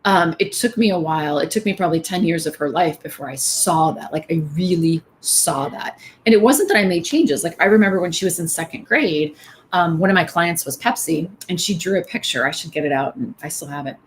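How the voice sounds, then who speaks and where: A woman's voice: fairly low pitch, fairly quick, a little hiss or hum. A middle-aged woman giving a candid, conversational motivational talk at a women's event, with many fillers. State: tearful at times.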